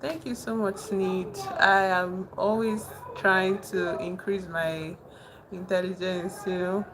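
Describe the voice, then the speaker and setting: A young woman chatting casually with her live-stream chat, soft-spoken and calling herself very emotional. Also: mid-range voice, fairly even intonation, slow pace. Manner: soft-spoken, thanks chat warmly, says she is very emotional. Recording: noticeable background noise.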